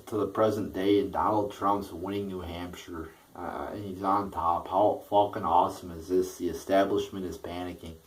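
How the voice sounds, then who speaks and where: A man's voice: low-pitched, distant mic, poor audio. A man giving a heated, profane political rant that often stumbles over and repeats its words. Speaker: political vlogger. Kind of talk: ranting political commentary.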